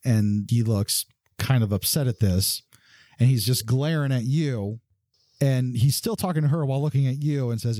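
A man's voice: mid-range voice, moderate pace, warm tone, dry recording, studio quality. A man narrating as game master of a tabletop game, telling the scene loosely with many fillers.

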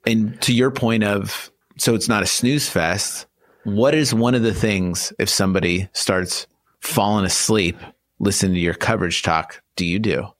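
A man's voice: fairly low pitch, steady tone, moderate pace, fairly bright tone, no echo, clean studio sound. A man co-hosting a casual podcast, giving emphatic advice and saying "dude" often. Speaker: podcast co-host. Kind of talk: casual chat.

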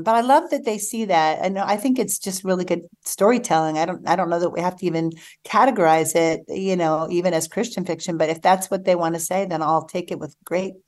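A woman novelist being interviewed on a radio show, talking eagerly and laughing often. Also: mid-range voice. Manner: warm, enthusiastic, laughs often. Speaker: guest novelist. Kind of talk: casual radio interview chat.

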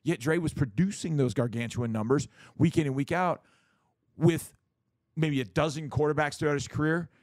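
A middle-aged man co-hosting a sports talk show, making his case in a lively, casual way, often acting out what others would say. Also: a little high, normal speed, dry recording. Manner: animated, acts out quoted voices, repeats words.

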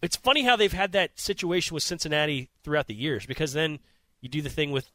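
A man's voice: a little high, fast talker, a bit bright, no echo. A man co-hosting a casual sports chat, reflective and adding context. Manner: reflective, adds context and history.

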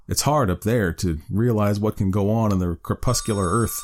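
A man's voice: fairly low pitch, normal speed, darkish tone, close to an everyday voice. A man reading a fervent grim ghoul-hunter chief. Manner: fervent, rising to frenzied gloating. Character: grim middle-aged male underground ghoul-hunter chief. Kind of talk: dramatic story reading.

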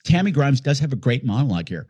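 A man's voice: mid-range voice, slightly rough, dull audio. A man co-hosting a podcast, joking and laughing as he riffs through a bad old movie. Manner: animated, joking, quick to laugh. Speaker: podcast co-host. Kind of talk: casual movie riffing.

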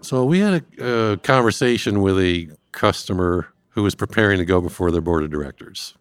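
Deep-voiced man explaining calmly. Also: clear, resonant tone, dry recording. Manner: measured, explains step by step. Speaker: industrial cybersecurity guest expert. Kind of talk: explanatory interview talk.

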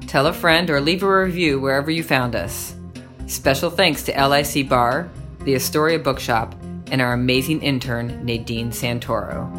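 A woman hosting a podcast, reading the closing credits in a clear, deliberate way. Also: very deep voice. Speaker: podcast host. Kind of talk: scripted show outro and credits. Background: theme music.

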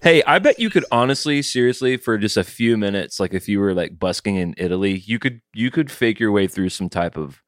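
A man's voice: lowish voice, expressive, fairly quick, few pauses, no room sound, studio quality. A man in casual chat, teasing and wry with his co-host.

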